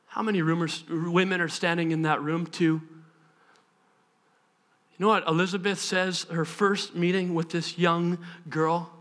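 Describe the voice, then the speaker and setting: Man, sermon, animated preaching, sharp bright tone. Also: a little high, measured pace. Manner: animated, acts out scenes with sudden shouted voices. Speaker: pastor.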